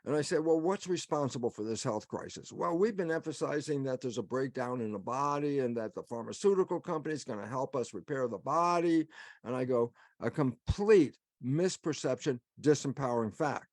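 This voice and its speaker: A man's voice: mid-range voice, lively intonation, a little fast, dry recording, clean studio sound. Emphatic man lecturing on a webinar. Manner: emphatic, asks himself questions and answers them. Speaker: guest speaker.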